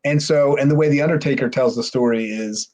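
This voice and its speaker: A man, a former pro wrestler guesting on a podcast, telling a rambling, profane story and mimicking others in a high voice. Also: a little fast. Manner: animated, mimics others with sharply raised pitch. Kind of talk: casual storytelling.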